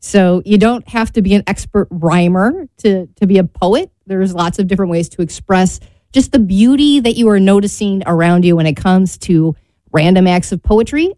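A woman's voice: medium pitch, warm tone, dry recording. A woman co-hosting a radio show, chatty and lighthearted in casual talk. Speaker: radio co-host. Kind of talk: casual chat.

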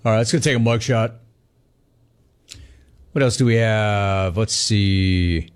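A man hosting a sports talk radio show, delivering a sarcastic, mocking monologue with animated asides. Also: mid-range voice, slow, long pauses.

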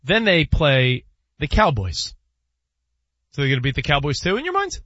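A man co-hosting sports talk, bouncing his fairly high voice up and down as he argues a schedule. The sound is dry and a little dull, like a close studio mic. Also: moderate pace, no room sound. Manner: animated, teasing, goes over schedules game by game. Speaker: sports radio co-host.

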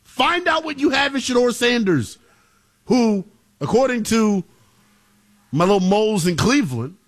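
A man's voice: very high voice, animated, a little slow. A man co-hosting a sports talk show, giving emphatic, playful opinions. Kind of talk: animated sports debate.

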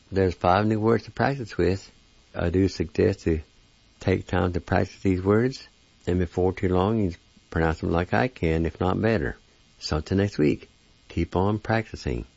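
Deep gravelly guy teaching words real slow, spells stuff out, dull lo-fi sound. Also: a little mellow, dry recording. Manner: careful, spells and repeats each word. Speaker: language teacher. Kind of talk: slow word-by-word pronunciation lesson. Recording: dull lo-fi recording.

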